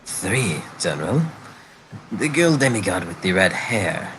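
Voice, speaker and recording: A man's voice: low-pitched, big pitch swings, unhurried, fairly bright tone, slight background noise, voice pushed down, heavily acted, low-quality recording. A man voicing an eager, fawning wannabe soldier in a tabletop role-play game, with a put-on French accent and a stiff, deferential manner. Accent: fake French accent.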